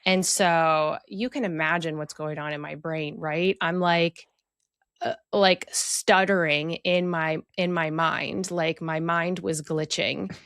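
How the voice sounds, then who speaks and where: A woman's voice: low-pitched, fairly even intonation, takes it slowly, fairly bright tone, no echo, clean studio sound. A woman telling a personal story of emotional abuse in a candid, reflective way, with many fillers. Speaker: podcast guest sharing her story.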